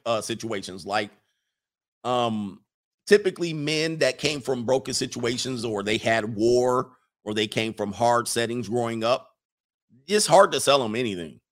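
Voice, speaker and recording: A man in his forties hosting a casual commentary stream, joking and animated, often trailing off while searching for a word. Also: medium pitch. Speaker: host reacting to clips and super chats.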